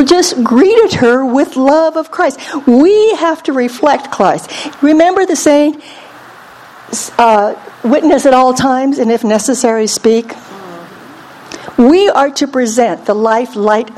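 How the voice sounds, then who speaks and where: A woman's voice: a little high, darkish tone, a little hiss or hum, low-quality recording. A woman leading a Bible study as a preacher, earnest and repeating phrases for emphasis. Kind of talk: small-group Bible teaching.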